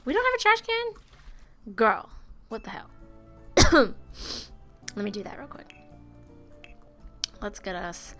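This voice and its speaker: Woman host, under the weather, gravelly, chatty gameplay commentary with faint music underneath. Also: mid-range voice. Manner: chatty, expressive, talks to viewers. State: sick. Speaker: gaming video host.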